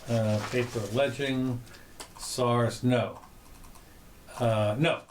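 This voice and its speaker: A man's voice: medium pitch, steady tone, slight background noise. Guy hosting a chat show, rambly, keeps restarting sentences. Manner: rambling, halting, many restarts. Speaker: podcast host. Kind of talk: casual chat.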